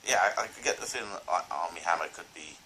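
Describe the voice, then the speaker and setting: A man's voice: low-pitched, quick pace, pushed and bright, a little hiss or hum, rough recording. A man reviewing films in a casual vlog, rambling and enthusiastic, full of fillers and restarts. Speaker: film reviewer.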